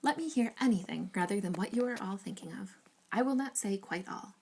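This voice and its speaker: Woman reading as a sharp witty young lady, arch banter, slight gravel. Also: medium pitch, lively intonation, brisk, a little hiss or hum.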